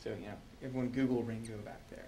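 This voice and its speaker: A man's voice: medium pitch, steady tone, quick pace, mellow, poor audio. A man interviewing an actress, eager and joking as he asks questions. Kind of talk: casual interview chat.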